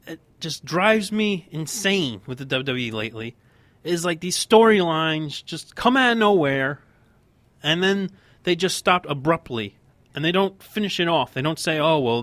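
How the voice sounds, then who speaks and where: A man's voice: sits high, lively intonation, normal speed, fairly bright tone, dry recording. A man co-hosting a casual wrestling podcast, talking in a heated, emphatic rant. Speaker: podcast co-host.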